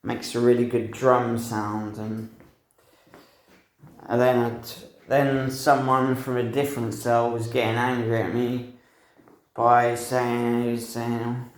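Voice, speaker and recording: A young man in a meandering, expletive-laden monologue who drifts from one thought to the next and chuckles at his own tale. He talks slowly, at a middling pitch. The room around him rings with noticeable echo. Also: little pitch movement. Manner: profane, meandering, laughs at himself. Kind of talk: rambling personal monologue. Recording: roomy echo.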